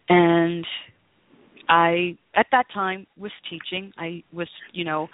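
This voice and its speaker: This is storytelling interview talk from a female guest author in Las Vegas, earnest and exclamatory. Her voice sits on the low side, and the phone line sounds tinny and dry with no room sound.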